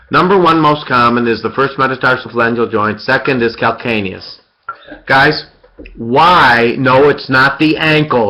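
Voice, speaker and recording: A man's voice: mid-range voice, sharp tone. A man giving an interactive surgery lecture, quizzing students by name and repeating key points. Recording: dull lo-fi lecture recording.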